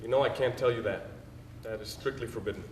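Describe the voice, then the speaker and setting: A man's voice: medium pitch, fast talker, darkish tone, natural voice. An actor on a theater stage playing a dead husband's spirit who soothes and teases his wife in her dream. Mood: soothing. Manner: soothing, playful, wistful. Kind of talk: live stage drama. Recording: roomy stage sound from a distant mic.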